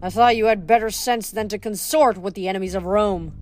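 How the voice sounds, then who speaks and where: A woman's voice: medium pitch, brisk, a little mellow, faint music behind, natural voice. A woman voicing a fussy, pompous male statue god who scolds and talks down to everyone. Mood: indignant. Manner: scolding, indignant.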